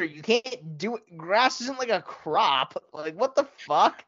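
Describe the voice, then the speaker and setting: A man's voice: sits high, expressive, takes it slowly, a bit bright, highs cut off. A man co-hosting a casual podcast chat, laughing often and swearing a lot. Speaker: podcast co-host.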